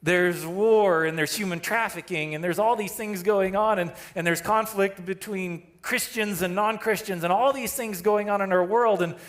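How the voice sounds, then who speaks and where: A man's voice: high-pitched, normal speed, few pauses. A male pastor preaching a sermon, telling a story with self-deprecating humor and laughing at himself. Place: church sanctuary.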